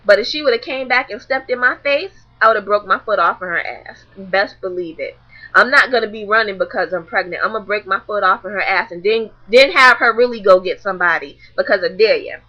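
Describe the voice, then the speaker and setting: A young woman vlogging, telling a story to camera in a blunt, animated, profane way. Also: mid-range voice, brisk, highs cut off.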